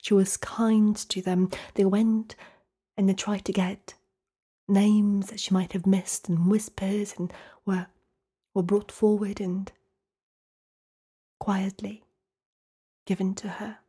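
Slow, hushed woman storyteller. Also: mid-range voice, flat delivery, breathy edge. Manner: slow, hushed and dramatic, often dropping to a whisper. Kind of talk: oral folktale storytelling.

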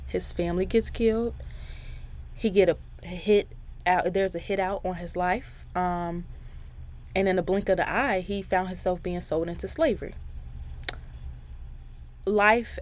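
A woman's voice: on the low side, fairly even intonation, normal speed, pauses often. A young woman in her twenties hosts her own podcast in a casual monologue. She is chatty and candid, speaks right to her listeners, and laughs between her thoughts. Her tone is faith-filled and encouraging. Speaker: podcast host.

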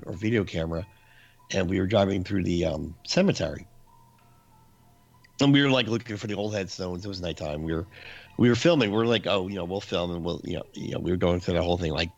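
Man with a gravelly, lowish voice; animated storyteller who laughs and mimics screaming; faint music underneath. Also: highs cut off. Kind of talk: casual storytelling.

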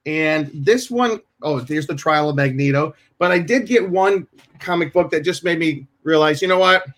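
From a home room with shelves, a man hosts a podcast by video call, chatting in a casual way. He tells rambling stories, frequently cutting himself off to start over. His voice is fairly high and a bit bright, at a moderate pace.

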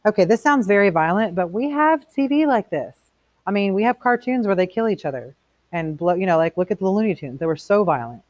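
A woman's voice: medium pitch, animated, a little fast, a little mellow, no echo. A woman reading a novel aloud to a class, stopping now and then for casual explanations. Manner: reads plainly, stops to explain in casual asides. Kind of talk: read-aloud with commentary.

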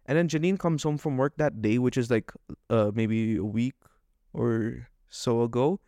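Male podcast co-host, worked-up fast rant, dry close mic. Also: mid-range voice, warm tone, no echo. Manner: agitated, fast ranting with quoted exchanges.

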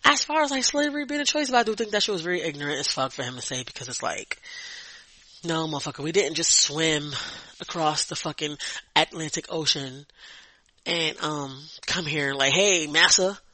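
A woman's voice: low voice, brisk, pushed and bright, no echo. A young woman hosting her own podcast, speaking in in a profane, blunt and rambling solo rant, laughing often. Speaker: podcast host. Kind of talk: casual ranting monologue.

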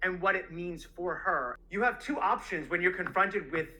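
A man's voice: sits high, normal speed, bright, forceful tone, rough recording. A man co-hosting a book discussion podcast, talking reflectively and reading quotes aloud. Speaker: podcast co-host.

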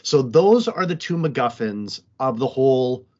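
A man's voice: medium pitch, animated, measured pace, a little mellow, dull audio. A man co-hosting a casual movie review podcast, joking and animatedly recapping the plot. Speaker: podcast co-host.

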